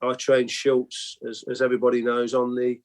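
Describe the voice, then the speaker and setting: Flat-voiced man telling anecdotes. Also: mid-range voice, normal speed. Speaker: guest, former footballer. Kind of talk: reminiscing interview.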